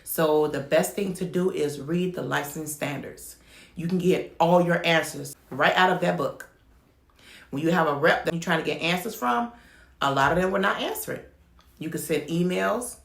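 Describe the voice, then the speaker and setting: Gravelly, low-voiced woman telling it straight. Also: normal speed, echoey room. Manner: frank, emphatic storytelling. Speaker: home child care provider. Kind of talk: candid talk-to-camera advice.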